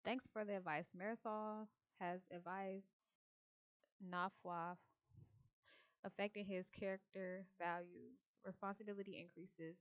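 A woman's voice: mid-range voice, fairly even intonation, measured pace, dry recording, highs cut off, faint music behind. A woman giving casual, profane, joking commentary while playing a life-sim game, mostly talking to herself, recorded on a new microphone while wearing headphones. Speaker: gamer streamer.

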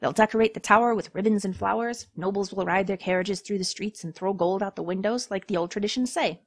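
A woman's voice: medium pitch, quick pace, close to an everyday voice. A woman voicing a sweet-talking female demon servant who coos pet names at her master, in a game read aloud. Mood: sugary.

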